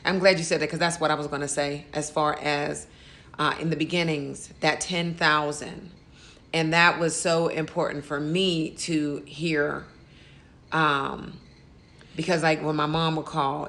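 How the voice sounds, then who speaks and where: A woman with a low-pitched voice that comes across bright and forceful. She talks candidly in a casual interview, telling stories and acting out little quoted exchanges. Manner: candid, storytelling with quoted asides. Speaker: insurance agent and channel host.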